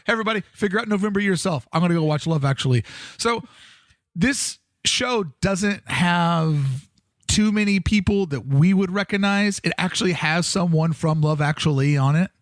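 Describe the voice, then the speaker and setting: A man co-hosting a casual podcast chat, animated and jokey, swearing freely. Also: a little high, fairly quick, dry recording, studio quality. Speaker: podcast co-host.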